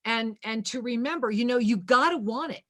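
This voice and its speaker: A woman's voice: fairly high pitch, brisk, fairly bright tone. A woman hosting a spiritual talk radio show, speaking emphatically and repeating key phrases.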